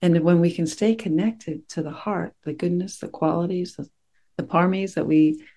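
A woman meditation teacher giving a dharma talk to her class, gentle and reflective, pausing often as she searches for words. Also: fairly low pitch, fairly even intonation.

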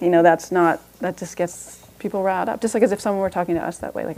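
A woman's voice: on the low side, steady tone, fast talker, few pauses, darkish tone. Woman teaching a meditation-based parenting class. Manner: conversational, with frequent restarts and light laughs.

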